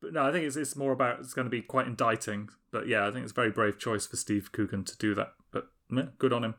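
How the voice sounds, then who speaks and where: Brief: man with mid-range pitch, earnest and halting, chatting with mates. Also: steady tone, a bit bright. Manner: earnest, hesitant, with restarts. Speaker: podcast co-host. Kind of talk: casual banter among friends.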